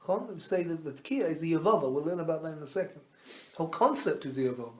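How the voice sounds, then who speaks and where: A man, a rabbi, teaching a Torah class as an animated storyteller who quizzes his listeners and mixes Hebrew terms into his teaching. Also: on the high side, fast talker. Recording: roomy echo.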